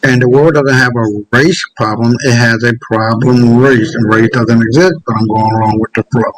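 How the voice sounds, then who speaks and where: A man hosting his own show, ranting in casual commentary, profane and heated, pausing often to search for clips. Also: medium pitch, steady tone, rough recording. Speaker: host.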